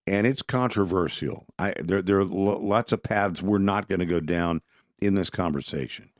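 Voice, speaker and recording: Deep-voiced man, opinionated. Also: normal speed, dry recording, studio quality. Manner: conversational, opinionated, frequent restarts. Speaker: podcast co-host. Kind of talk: casual political talk.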